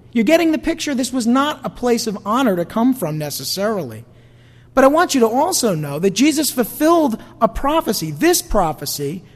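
Pastor, male, New York-New Jersey accent; chatty sermon full of rhetorical questions, animated delivery, long hall reverb. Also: very high voice. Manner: conversational preaching with rhetorical questions to the congregation.

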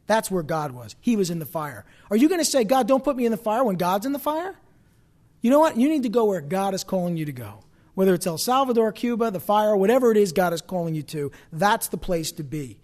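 High-voiced man preaching a sermon. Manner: animated preaching, rising loud on scripture, dropping soft for personal stories.

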